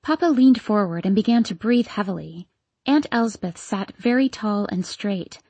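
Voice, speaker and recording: Expressive woman narrating a story. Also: mid-range voice, normal speed, no echo. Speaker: audiobook narrator. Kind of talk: scripted first-person story narration.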